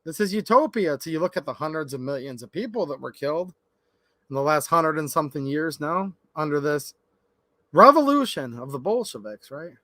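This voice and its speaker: A man from Michigan talks off the cuff on his own livestream, recorded in his workshop. His voice sits fairly high and sounds dry and close, with no room echo. He is opinionated and chatty, and he keeps turning to address his viewers. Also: lively intonation, brisk, pushed and bright. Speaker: gun channel livestream host. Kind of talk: casual livestream commentary.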